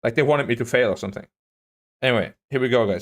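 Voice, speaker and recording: A young man with a mid-range voice streams and talks quickly and casually about his training day. He rants animatedly with frequent swearing, his voice jumping up whenever he gets annoyed.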